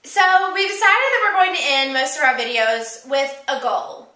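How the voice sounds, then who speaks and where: Bright, high-voiced young woman in an echoey room. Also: moderate pace. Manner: upbeat and emphatic, leaning on repeated key words. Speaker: co-host. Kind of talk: motivational vlog talk. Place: indoor room with a kitchen counter.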